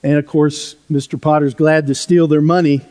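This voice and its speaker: A male pastor preaching a sermon in a church, telling a story in a conversational way that drops softly at times. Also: fairly high pitch, level tone, moderate pace. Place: church sanctuary. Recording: long hall reverb.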